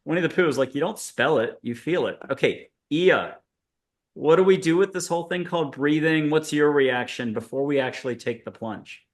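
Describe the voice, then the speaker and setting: A man's voice: on the high side, normal speed. Man, host, guided meditation, playful and rambling, video call. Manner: playful, punning, rambling guidance. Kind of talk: guided meditation on a panel show.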